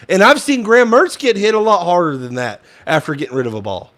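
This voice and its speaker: A man's voice: fairly high pitch, sing-song, quick pace, hardly any pauses, a bit bright. A young man giving casual fan play-by-play commentary, frustrated and ranting at the play calling, sometimes swearing.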